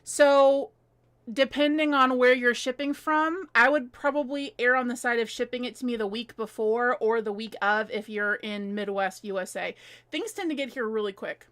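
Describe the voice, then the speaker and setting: A woman's voice: on the high side, moderate pace, a bit bright. A woman in her thirties hosting a live stream from her home, chatting casually, answering viewer comments and laughing often.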